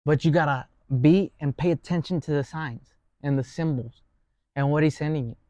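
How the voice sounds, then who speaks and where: A man's voice: a little high, moderate pace, darkish tone, no room sound. A man co-hosting a podcast, telling faith stories in an earnest, casual way with many fillers. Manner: storytelling, earnest, filler-heavy. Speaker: podcast co-host.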